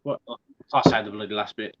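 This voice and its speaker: A man's voice: fairly low pitch, fairly even intonation, fast. A man chatting on a livestream video call, laid-back and mumbling, trailing off at the ends of phrases. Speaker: panelist. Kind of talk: casual livestream chat. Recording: lo-fi call with crowd noise behind.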